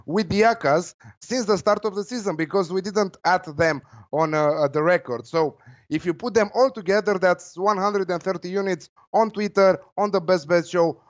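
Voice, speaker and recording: A man's voice: high voice, normal speed, dry recording, lo-fi sound. A man with a Romanian accent, a football betting tipster chatting casually and hesitantly, with many fillers. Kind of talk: casual chat.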